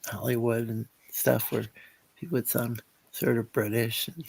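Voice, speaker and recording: A man hosting a casual chat, speaking in a halting, hesitant way with many fillers. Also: medium pitch, little pitch movement, vocal fry, a little mellow, breathy edge, dry recording. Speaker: host.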